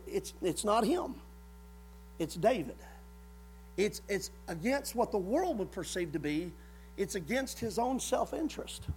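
A man's voice: very high voice, slightly rough. A man preaching a sermon in a folksy way, repeating words and briefly acting out the people he quotes.

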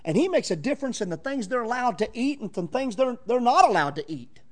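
A man's voice: extremely high pitch, very animated, quick pace. A man preaching a sermon, emphatic and folksy, repeating key phrases and talking straight to the congregation. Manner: folksy, conversational asides to the congregation.

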